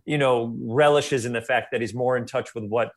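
A man's voice: mid-range voice, fairly even intonation. Male actor from New York, interview guest, joking and self-deprecating. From New York, USA. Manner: quick, laughing, self-deprecating. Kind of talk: casual interview chat.

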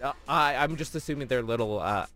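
A man's voice: mid-range voice, a little fast, bright, forceful tone, faint music behind. A man, a radio producer chatting on air in an easygoing, good-humored way. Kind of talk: casual on-air chat.

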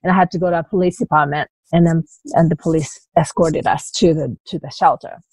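A woman telling her personal story as a guest in an interview, in halting bursts with many restarts, asides and small laughs. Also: deep voice, fairly even intonation, darkish tone, husky, no echo, low-quality recording. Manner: halting retelling with frequent restarts, "you know" and light laughs.

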